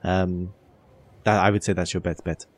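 A man's voice: low-pitched, flat delivery, moderate pace. A man voicing a fussy, over-polite townswoman who rambles and stumbles over her words. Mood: fussy chatty. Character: chatty fussy woman of the town.

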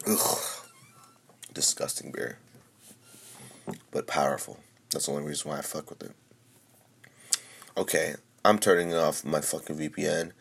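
A young man chatting casually while streaming, excitable and swearing constantly, swinging from mumbling to shouting. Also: a bass voice, measured pace, vocal fry, long pauses, breathy edge. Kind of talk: casual profane livestream chatter.

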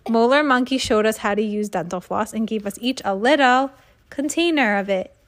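A woman reading a children's book aloud in a lively, expressive way. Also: a little high, moderate pace. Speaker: reader.

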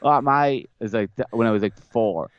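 A man's voice: fairly low pitch, fairly even intonation, a little fast, dry recording. A young man, a podcast guest, telling stories in a loose, rambling way, often repeating words and laughing. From Ireland. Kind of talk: casual conversational storytelling. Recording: slightly dull, dry close-mic sound.

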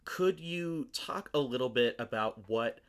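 A man's voice: medium pitch, animated, a little slow, vocal fry. A man interviewing a guest, affirming her answers and asking questions at some length. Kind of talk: interview conversation.

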